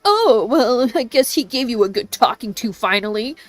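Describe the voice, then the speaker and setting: A woman's voice: a little high, animated, moderate pace, no room sound, natural voice. A woman doing a falsely cheery female coworker. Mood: sugary.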